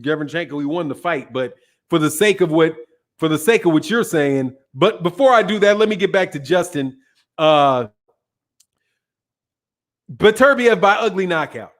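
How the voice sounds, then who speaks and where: High-pitched guy on a live stream, brash and swearing a lot, repeats his points over and over. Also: a bit bright. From Chicago. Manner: brash, profane, emphatic, repeats himself. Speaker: boxing talk show host answering viewer chat. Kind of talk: casual live-stream chat.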